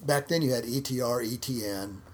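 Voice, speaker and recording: A man's voice: medium pitch, fairly quick, darkish tone, a little hiss or hum. A man, a martial arts instructor, telling stories in a casual interview, repeating words and acting out quotes. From United States.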